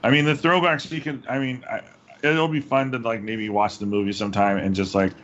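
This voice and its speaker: A man in a casual film discussion, animated and laughing as he retells scenes. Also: medium pitch, a little fast, muffled recording, slight background noise.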